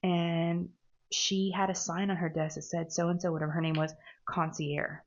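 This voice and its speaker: A woman's voice: on the low side, level tone, moderate pace, highs cut off. A woman chatting casually while she crafts, rambling and laughing at herself. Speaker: diamond painting crafter.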